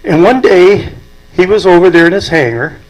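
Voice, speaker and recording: Speaking at a memorial, an older aviation club president delivers a eulogy full of folksy stories, laughing softly at his own tales. His voice is high and animated, at a moderate pace, and the audio sounds dull.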